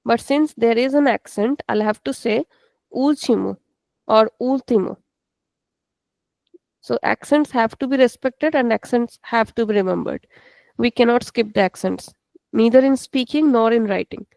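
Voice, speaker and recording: A woman's voice: a little high, normal speed, gravelly, darkish tone, no echo. A woman teaching a live online class, patiently explaining and repeating words for her students. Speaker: Portuguese teacher.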